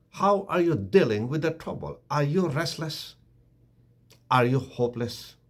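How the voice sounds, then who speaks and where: A man giving a short devotional sermon on a Bible verse, earnest and emphatic. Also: husky. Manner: earnest, rising emphatic pitch on key words. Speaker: preacher.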